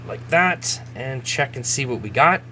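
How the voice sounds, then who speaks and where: A man's voice: medium pitch, lively intonation, a little slow, sharp tone, slight background noise. A man, casually chatting as he opens trading card packs, laughing at himself and reading names aloud. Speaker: host. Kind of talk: casual card-opening commentary.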